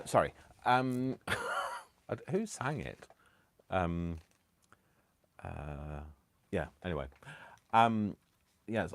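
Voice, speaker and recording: A man's voice: sits low, no echo. A man hosting a craft live stream from home, chatting casually with self-mocking, rambling asides. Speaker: craft channel host. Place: home, indoors.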